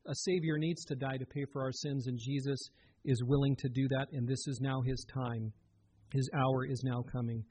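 A man's voice: medium pitch, flat delivery, normal speed, a little mellow, slight background noise. A man giving a sermon as a pastor, earnest and conversational, often turning to the listeners with direct questions.

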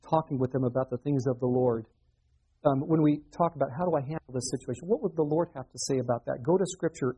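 A man's voice: a little high, mellow, slightly rough, poor audio. A middle-aged male pastor preaching a sermon in a conversational way, with rhetorical questions to his listeners.

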